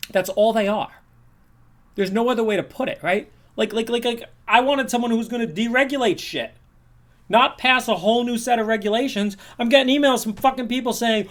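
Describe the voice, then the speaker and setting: A man's voice: sits high, animated, normal speed, fairly bright tone. Profane, blunt man ranting. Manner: profane, blunt, rambling with repeated words. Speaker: streamer. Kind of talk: ranting livestream chat.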